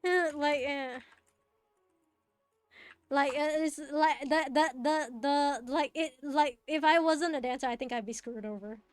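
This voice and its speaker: Young woman streamer, high and bubbly, giggly rambling chat, dry close mic, faint music under it. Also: unhurried, dry recording. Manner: giggly, rambling with many fillers and restarts. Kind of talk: casual chat while gaming.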